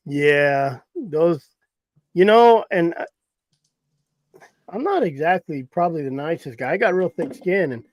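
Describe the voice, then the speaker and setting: A middle-aged hunting guide tells a story in a loose, folksy ramble and chuckles at his own tale. His voice sits a little high. The sound is dry and close, with no room around it. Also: animated, takes it slowly, long pauses, no echo. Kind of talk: casual storytelling.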